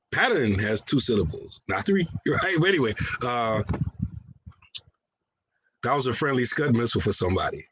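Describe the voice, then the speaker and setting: A man's voice: mid-range voice, sing-song, normal speed, pauses often, a bit bright, slight background noise, rough recording. A man co-hosting a casual religious discussion, teasing and laughing often and putting on voices when he quotes people. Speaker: co-host.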